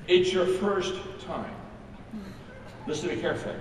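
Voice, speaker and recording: A man's voice: high voice, steady tone, normal speed, long pauses, background noise. An older man giving a motivational keynote talk, folksy and anecdotal, playing to a large crowd. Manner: folksy storytelling, quotes imagined audience voices. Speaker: keynote speaker. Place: large event hall. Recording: echoey hall with crowd, from far off. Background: live audience laughter.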